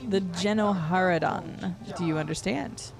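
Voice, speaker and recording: A woman reading out the lines of a secretive male bounty hunter recruiter in a video game, measured and solemn. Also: lowish voice, creaky, over music.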